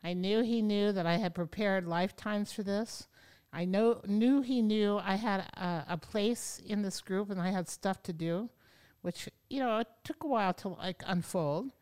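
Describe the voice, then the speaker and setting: Woman interview guest, clear resonant voice, lively storyteller who acts out what she once said, studio podcast. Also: medium pitch, measured pace. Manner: lively, acts out her own past words. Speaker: yoga teacher, podcast guest. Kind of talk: conversational storytelling.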